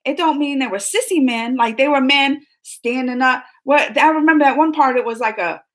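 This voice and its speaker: Hosting a relaxed reaction show, a woman speaks in a high voice at moderate pace, animated and emphatic as she rambles on with the others in the room.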